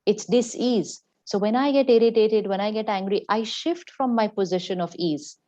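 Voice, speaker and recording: A woman's voice: medium pitch, a little fast, mellow, no room sound. A woman giving a motivational spiritual talk as a teacher, emphatic and instructive, who repeats her key phrases for effect. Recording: dull, dry lo-fi sound.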